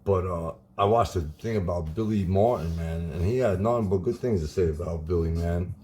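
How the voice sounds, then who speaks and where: A man in his forties casually chatting while opening card packs on his channel, relaxed and saying "man" a lot. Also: deep voice, normal speed, slight background noise. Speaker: card collecting YouTuber. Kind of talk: casual pack-opening vlog.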